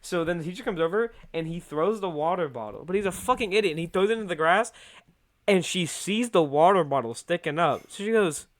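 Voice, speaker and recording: A man's voice: high-pitched, lively intonation, fairly quick. A man telling a long rambling anecdote in casual podcast chat, swearing often and breaking into laughs. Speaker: podcast co-host. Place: indoor podcast setup.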